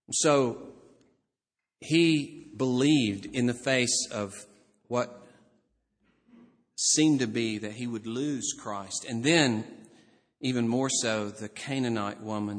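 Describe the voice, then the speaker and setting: A man from Alabama with a Southern US accent preaching a sermon, telling the story with animated voices. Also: medium pitch, slow pace. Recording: reverberant hall.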